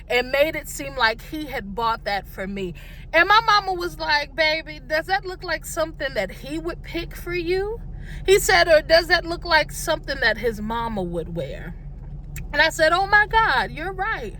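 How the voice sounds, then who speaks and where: Woman host, young adult, exhorting faith-based advice; high, slow, deliberate delivery. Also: bright, forceful tone, a little hiss or hum. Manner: impassioned and exhorting, with repeated affirmations. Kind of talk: preachy advice monologue.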